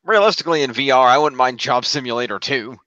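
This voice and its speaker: A young man co-hosting a casual chat about video games, talking in a lively way and tripping over his words now and then. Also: medium pitch, a little fast, dry recording. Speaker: podcast co-host. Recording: dull, dry lo-fi sound.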